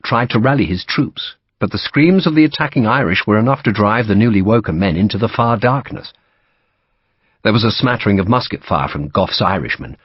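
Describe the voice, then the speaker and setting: A man narrates an audiobook with a low, husky voice and lively intonation. His delivery is measured and vivid. The recording is dry and slightly dull. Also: no room sound. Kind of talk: scripted narration.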